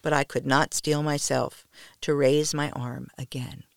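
Gravelly-voiced woman narrating softly. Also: extremely low pitch, level tone, a little slow, no echo, studio quality. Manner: soft, intimate, often near a whisper. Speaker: podcast storyteller. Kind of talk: first-person story narration.

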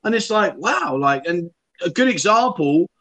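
Man, chatty livestream host, bright forceful voice, slightly high pitch. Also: animated, moderate pace. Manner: chatty storyteller, reads out viewer comments. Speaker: livestream chat show host. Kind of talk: casual chat.

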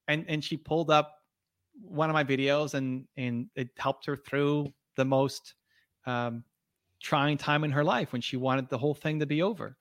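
A man's voice: mid-range voice, measured pace, fairly bright tone, no echo, clean studio sound. A man speaking as a podcast guest in an earnest, motivational way, with frequent restarts and fillers. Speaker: podcast guest, video creator. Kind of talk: conversational interview.

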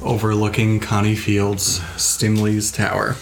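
A man's voice: lowish voice, completely flat delivery, a little slow, slight background noise. Man narrating as game master.

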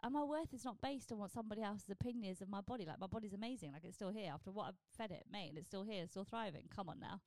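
A woman's voice: medium pitch, racing, few pauses, no echo. A woman, a stand-up comedian talking blunt and sweary in a casual solo podcast. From southern England. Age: 40s. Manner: blunt, sweary, animated with comic asides.

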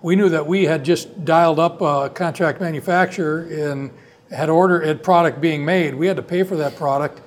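A man, a company co-founder, tells a long business story in a relaxed conversation, often restarting his sentences. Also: on the high side, moderate pace. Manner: long rambling anecdotes with frequent restarts.

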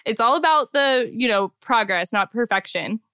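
With a fairly high, expressive, smooth voice at a moderate pace, this woman hosts a podcast in studio-quality sound with no echo. Her casual interview chat is warm and supportive of her guest, full of fillers and "like."

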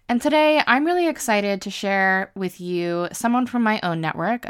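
A woman's voice: on the low side, fairly bright tone, clear, resonant tone, dry recording, studio quality. A woman hosting a podcast, introducing her guest with upbeat enthusiasm. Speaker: podcast host. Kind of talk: podcast host intro and interview.

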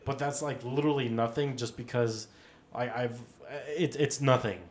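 A man's voice: mid-range voice, fairly even intonation, moderate pace. A man co-hosting a podcast in casual chat, rambling and teasing, laughing often. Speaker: podcast co-host.

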